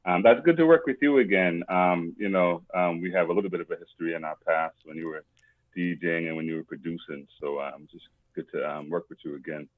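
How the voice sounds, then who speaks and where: Deep-voiced man guest, hesitant and halting, dry sound. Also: no echo, phone-quality sound. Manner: hesitant, full of ums. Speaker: show host guest. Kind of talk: casual chat.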